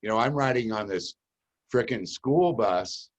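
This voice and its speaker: A man's voice: medium pitch, unhurried. A man hosting an interview show, chatting casually and sharing his own stories. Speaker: show host.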